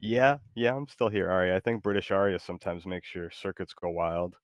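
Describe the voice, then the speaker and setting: Deep-voiced laid-back gamer guy. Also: brisk, no echo. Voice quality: laid-back, hesitant, joking. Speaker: game streamer. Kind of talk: casual gaming stream chat.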